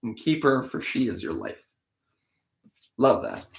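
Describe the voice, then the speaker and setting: Guy a bit hoarse from a cold, reads scripture and chats about it, mid-pitched voice in an echoey room. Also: wildly swooping pitch, a little slow. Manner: thinks aloud, conversational asides. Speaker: host of a daily Bible reading show. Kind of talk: casual scripture reading with commentary.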